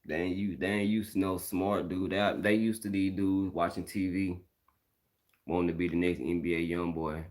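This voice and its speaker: A man's voice: deep voice, fairly even intonation, normal speed, darkish tone. A middle-aged man from Mississippi with a Southern accent, talking bluntly and casually on a live stream, repeating his points in slang.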